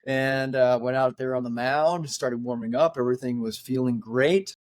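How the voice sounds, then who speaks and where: A middle-aged podcast co-host with a medium-pitched voice at normal speed tells a story in casual chat. He's animated, laughing as he acts out quotes, and the studio sound is clean with no room echo.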